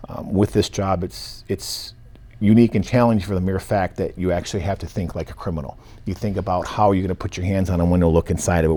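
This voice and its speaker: A man's voice: deep voice, warm tone. A man working as an evidence technician, explaining step by step in short listed phrases during an interview. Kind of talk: interview answers.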